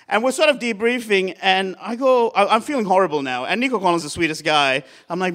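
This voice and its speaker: A man's voice: high-pitched, expressive, fast, a bit bright. A man from Sri Lanka telling a rambling, self-mocking story to a laughing live crowd in a bar. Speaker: comedian.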